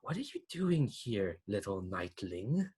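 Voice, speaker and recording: A man voicing a silky, threatening tormentor in a tabletop role-play game, slow and soft with a menacing drawl. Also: lowish voice, sing-song, breathy edge, pitched below the performer's own voice, exaggerated voice.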